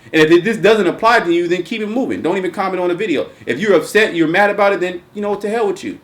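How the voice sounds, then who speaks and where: A man's voice: high-pitched, fast talker, a bit bright. A man hosting a casual religious commentary chat, talking emphatically and profanely with lots of restarts. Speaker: host.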